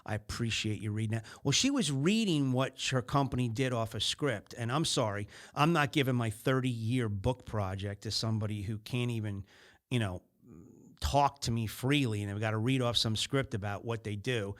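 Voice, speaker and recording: A man in middle age hosts a business podcast. He talks casually and in an animated way, and he keeps slipping into short acted-out exchanges to make his points. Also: medium pitch, normal speed. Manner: animated, acts out little scenes in other voices. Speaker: podcast host.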